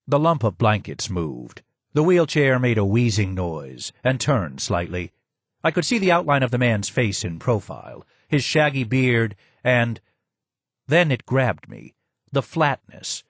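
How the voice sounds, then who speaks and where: A man reading a first-person memoir aloud as an audiobook narrator, in steady storytelling. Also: medium pitch, a little slow, no echo. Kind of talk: scripted narration.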